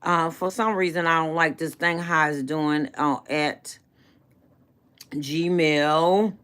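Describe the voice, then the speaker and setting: A woman's voice: low voice, steady tone, very slow, sharp tone. A middle-aged woman hosting a casual live stream, chatting with viewers in a rambling, affectionate way, calling them baby and adding faith-based encouragement. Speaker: channel host.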